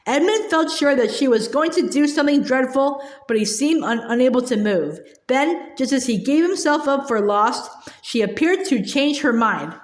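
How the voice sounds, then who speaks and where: A woman narrating a storybook aloud in a calm, measured way. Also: high voice. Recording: echoey room.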